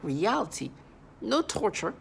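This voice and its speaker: A vlogger speaking in a halting, repetitive, accusatory monologue. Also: medium pitch, very animated, creaky, a little hiss or hum. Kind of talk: angry vlog monologue.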